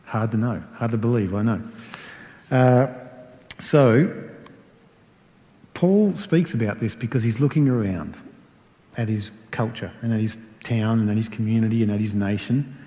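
A man's voice: lowish voice, moderate pace, pauses often, mellow. A middle-aged man preaching a conversational sermon, stacking repeated rhetorical phrases. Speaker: pastor. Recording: long hall reverb.

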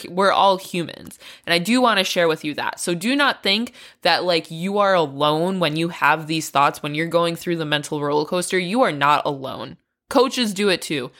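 A woman's voice: fairly low pitch, a bit bright. Candid, swearing woman climbing vlogger. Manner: candid, profane, frequent swearing and laughs. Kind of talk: casual training vlog.

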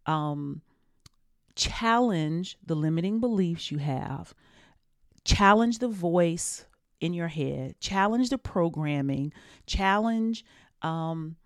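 A woman's voice: on the low side, animated, slow pace, dry recording, studio quality. A woman, hosting her own podcast in an earnest, emotional, encouraging way, casual and full of slang. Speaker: podcast host. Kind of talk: heartfelt solo podcast talk.

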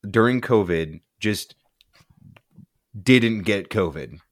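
Laid-back low-voiced young man. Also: expressive, measured pace, no room sound, clean studio sound. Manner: laid-back, tangent-prone, says "dude" and "like" often. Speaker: podcast co-host. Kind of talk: casual movie-review chat.

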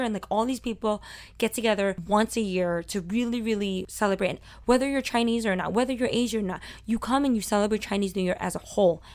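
Gravelly-voiced woman with a Brooklyn accent. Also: medium pitch, no echo. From Brooklyn, New York. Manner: talkative and loud, fast and emphatic. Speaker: food video host and cook. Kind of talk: personal reflective monologue.

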